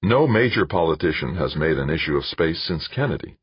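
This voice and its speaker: A man voicing a skeptical, weary male company boss who sounds gruff and doubtful. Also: a bass voice, lively intonation, a little fast, no room sound, exaggerated voice. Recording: dull lo-fi dry recording.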